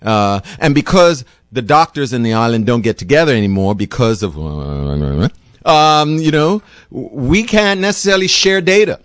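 A man's voice: lively intonation, unhurried, clean tone, no room sound, clean studio sound. A doctor and show host, a man, giving an impassioned, rambling monologue. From Bermuda. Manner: impassioned, rambling, pitch swinging widely. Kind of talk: opinionated monologue.

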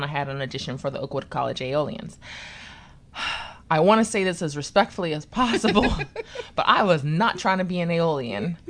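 A woman telling a story in a relaxed chat, lively and playful, acting out the people she talks about. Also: on the low side. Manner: lively, animated, acts out voices in her story.

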